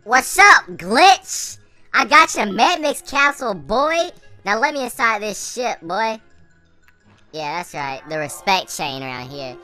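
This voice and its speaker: A man's voice: high-pitched, very animated, measured pace, bright, forceful tone, faint music behind, voice pushed up, exaggerated voice. A teenage boy voicing a cocky, swaggering young tough guy who talks brashly. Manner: brash, calls people boy.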